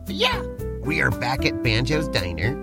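A man's voice: medium pitch, huge pitch swings, moderate pace, vocal fry. A man co-hosting a comedic role-play podcast as game master, eager and teasing in his banter, over background music. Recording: music playing behind.

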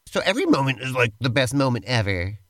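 A man's voice: medium pitch, very animated, quick pace, a bit bright, no echo. A man co-hosting a comedy show, teasing his partner in playful, improvised role-play banter. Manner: upbeat, teasing, playfully pushy. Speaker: co-host.

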